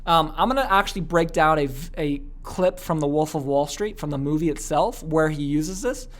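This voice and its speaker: A man teaching a sales training lesson, energetic and often checking in with "okay?". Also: a little high, normal speed. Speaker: business coach.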